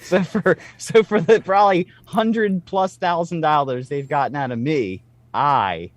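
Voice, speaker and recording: A man in his late thirties telling stories in casual podcast chat, animated and swearing freely. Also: on the high side, unhurried, no echo.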